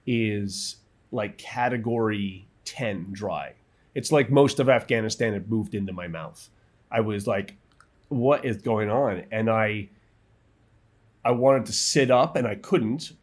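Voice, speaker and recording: A middle-aged man telling a personal war story in vivid, halting bursts, acting out what others said. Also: lowish voice. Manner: vivid, halting retelling with quoted voices and restarts. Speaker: guest, military veteran.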